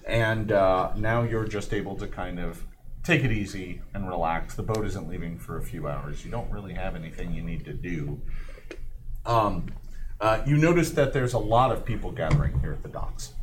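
A man's voice: low-pitched, normal speed, background noise. A man narrating a live tabletop game as game master, often laughing and rambling with fillers. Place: live convention event.

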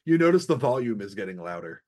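A man's voice: lowish voice, very animated, fast talker, darkish tone. A man running a tabletop game as game master, laid-back as he describes scenes and rules.

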